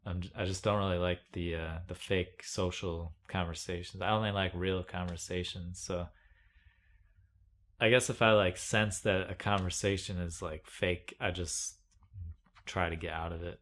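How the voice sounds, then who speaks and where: A man's voice: sits low, fairly even intonation, normal speed, a bit bright. A young man rambling in a casual monologue, meandering and self-mocking, full of "like"s. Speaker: video blogger.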